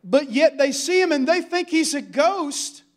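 A man's voice: very high voice, lively intonation, measured pace. A man preaching a sermon as a pastor, in a folksy, humorous style with building fervor.

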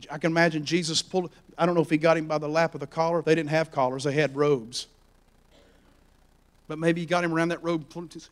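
High-voiced preacher man, dramatic sermon. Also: fairly even intonation, brisk. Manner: dramatic, swings from hushed whispers to loud exhortation.

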